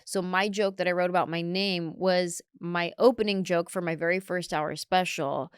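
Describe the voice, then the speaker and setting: Woman guest comedian, animated storyteller, smooth clear voice, dry close sound. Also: lowish voice, normal speed, no echo. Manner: animated, acts out other people's lines. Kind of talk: storytelling in a podcast interview. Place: podcast studio.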